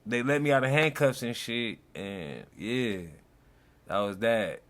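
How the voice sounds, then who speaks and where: A man's voice: mid-range voice, sing-song, unhurried, fairly bright tone. A young man hosting a casual reaction chat, telling a story in loose slang and acting out the quotes. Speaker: host.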